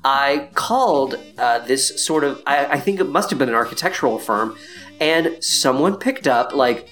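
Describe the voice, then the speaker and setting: A man's voice: mid-range voice, animated, normal speed, a bit bright, soft background music. A man in his thirties hosting a podcast in casual chat, swearing freely and laughing often. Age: 30s. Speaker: podcast host.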